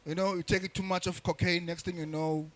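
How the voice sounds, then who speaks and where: A young man doing crude, rambling stand-up comedy with frequent restarts and shouted bursts. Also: sits high, level tone, fairly quick. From South Africa.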